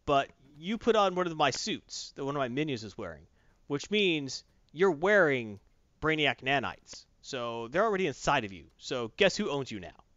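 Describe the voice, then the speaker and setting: A man's voice: a little high, big pitch swings, normal speed, a bit bright, no echo. A man voicing a smug, taunting evil male superhero, recorded dry and muffled.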